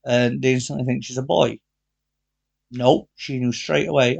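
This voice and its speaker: A man, co-hosting a casual podcast and telling a story in an animated way, swearing and acting out what people said. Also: mid-range voice, normal speed, creaky, slightly rough, highs cut off. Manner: animated, acts out quoted dialogue, swears freely. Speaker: podcast co-host.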